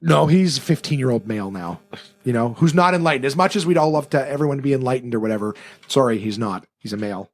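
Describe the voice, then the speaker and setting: A comedian tells a story in casual podcast chat, animated and swearing freely, speaking quickly at a medium pitch.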